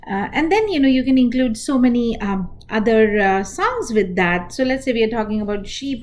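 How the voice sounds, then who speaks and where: A woman preschool teacher with an Indian English accent, calmly explaining an activity step by step, pausing often as she goes. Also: a little high. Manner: unhurried, explaining step by step with pauses. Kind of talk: instructional talk to parents and teachers.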